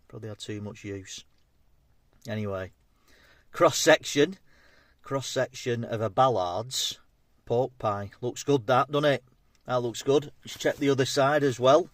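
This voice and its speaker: A man, chatting casually as he tastes and reviews food on his vlog. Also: mid-range voice. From England. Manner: chatty, matey, talks between bites. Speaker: food vlogger.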